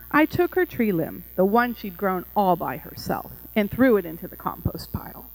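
A woman narrating a first-person allegorical story in a gentle, tender, measured way. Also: a little high, expressive, vocal fry, poor audio.

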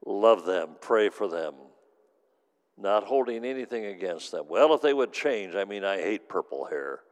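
A man preaching in a church, moving from earnest exhortation into a quiet, heartfelt testimony. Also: on the low side, lively intonation, a little slow. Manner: speaks in tongues, then earnest testimony. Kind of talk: sermon.

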